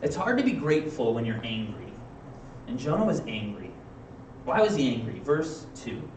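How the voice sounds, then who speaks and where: A man preaching a sermon in a casual, conversational way, acting out quick playful asides. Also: medium pitch, sing-song, a little hiss or hum. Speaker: pastor. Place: church sanctuary. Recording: echoey room, mic from a distance.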